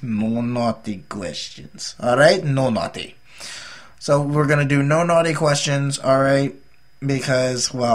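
A tired young man from the United States rambling through a casual, jokey vlog update as a gaming YouTuber. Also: medium pitch.

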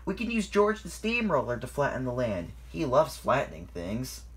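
A man voicing an eager, excitable young male tank engine, with a husky voice. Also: mid-range voice, normal speed, pitched above the performer's own voice. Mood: excited.

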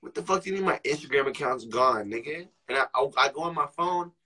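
A man streaming, trading loud, joking trash talk with friends in casual banter. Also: mid-range voice, expressive, quick pace, slightly rough.

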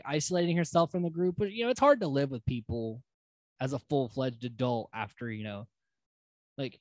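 A man recaps a reality show in a loose, chatty way, leaning on fillers and dropping the odd curse. His voice sits at a middle pitch. The recording is close and dry, with no room sound. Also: dry recording. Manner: rambling and conversational, with frequent fillers and casual swearing. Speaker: podcast host.

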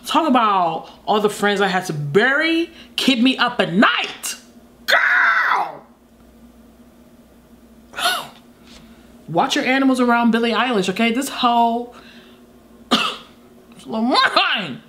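A woman's voice: fairly high pitch, lively intonation, normal speed, a bit bright. A woman hosting a music reaction video, talking in a dramatic, exclamatory, sassy way. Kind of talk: casual reaction commentary.

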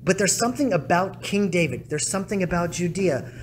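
Man, rabbi, animated storytelling, acts out quotes, faint background hum. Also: a little fast. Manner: animated, acts out quotes with big swings in pitch and loudness. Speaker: rabbi giving a talk. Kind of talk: storytelling talk to a congregation. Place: synagogue congregation hall.

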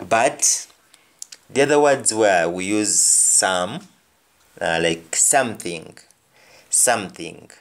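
A man's voice: lowish voice, expressive, takes it slowly. A man with a Jamaican accent gives a language lesson, saying each example phrase twice and then translating it. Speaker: language teacher. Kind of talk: explanatory lesson.

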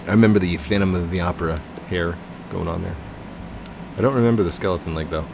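Gaming host, man, low voice, unhurried delivery, over a steady background hum. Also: creaky. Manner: chatty, jokey, giggles and talks to his teammate. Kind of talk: casual gameplay commentary.

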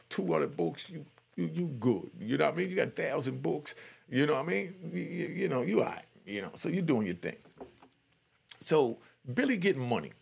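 Gravelly older man telling a street story. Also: on the high side. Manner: streetwise and conversational, full of "you know what I mean". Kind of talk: casual true-story storytelling.

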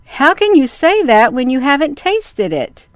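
A woman's voice: sits high, unhurried, dry recording, studio quality, voice pushed up. A woman doing a patient motherly fairy. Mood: coaxing. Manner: calm, coaxing. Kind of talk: storybook reading.

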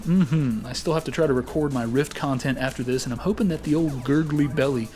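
A man's voice: mid-range voice, fairly quick, darkish tone, faint music behind. A man hosting a casual weekly gaming round-up, rambling and joking with lots of filler words. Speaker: gaming show host.

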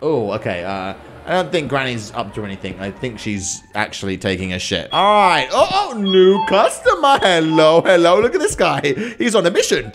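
A man giving loud, crude, mock-rude running commentary while playing a game. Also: fairly high pitch, huge pitch swings, normal speed, hardly any pauses, over music. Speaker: gaming YouTuber. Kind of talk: let's play commentary.

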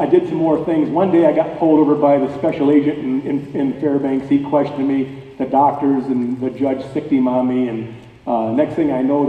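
A man speaking as a guest at a church dinner, telling a personal story in an animated, folksy way with plain colloquial grammar. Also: medium pitch. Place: church hall at a dinner event. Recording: distant, echoey hall, thin phone-like sound.

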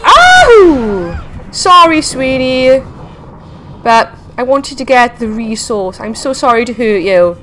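A woman hosting a casual game video, chatting excitedly to viewers and talking to the creatures she meets. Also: on the high side, unhurried, a little hiss or hum. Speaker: gaming video host. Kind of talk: casual let's-play commentary.

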